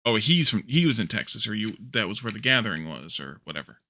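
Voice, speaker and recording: A man's voice: lowish voice, fast. A man streaming a building game, thinking aloud as he crafts and chatting back with his viewers. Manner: relaxed, thinks aloud while crafting, reads and answers chat. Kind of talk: casual gameplay stream chat.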